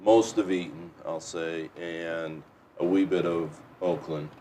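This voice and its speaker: Low-voiced matter-of-fact man. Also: steady tone, slow, warm tone, slight background noise. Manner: matter-of-fact, runs through details methodically. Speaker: podcast co-host, former party district chair. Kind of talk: casual chat.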